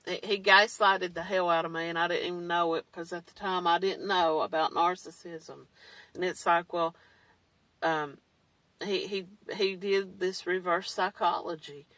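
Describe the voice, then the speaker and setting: A woman's voice: fairly low pitch, steady tone, a little slow, fairly bright tone, no room sound, distant mic, low-quality recording. A woman talking in a blunt, candid way, with mild swearing, in a casual monologue. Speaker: survivor vlogger. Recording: dry, set back from the mic.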